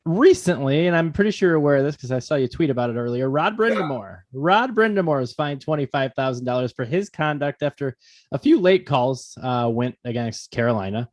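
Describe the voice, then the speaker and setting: A man's voice: mid-range voice, lively intonation, no room sound, studio quality. A man co-hosting a podcast, asking casual interview questions in a friendly, chatty way. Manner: friendly, chatty, quick reassurances. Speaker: podcast co-host.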